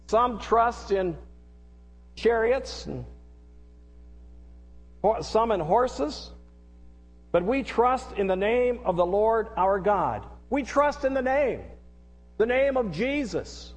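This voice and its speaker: A middle-aged male pastor preaches with earnest repetition and leads call-and-response. His voice sits high for a man. The long reverb of a large hall trails after every phrase. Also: expressive, slow pace, long pauses. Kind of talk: sermon.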